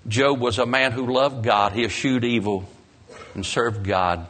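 A man preaching a sermon, telling the story dramatically with emphatic rises and soft, low endings. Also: measured pace.

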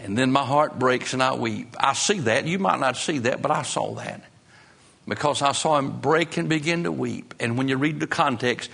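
A man preaching a sermon, swinging from hushed lows to high, impassioned peaks, with folksy grammar. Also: moderate pace, gravelly. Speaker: pastor.

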